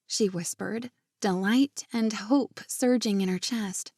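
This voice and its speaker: A woman narrating a romance audiobook in a steady, gentle storytelling voice on a close microphone. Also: mid-range voice, slow pace, dry recording.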